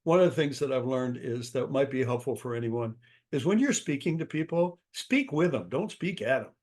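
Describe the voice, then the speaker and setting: An older man, a guest author and speaker from the United States, giving advice in a lively interview, acting out quotes with sudden jumps in his voice. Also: normal speed. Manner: animated, acts out quotes with sudden pitch jumps.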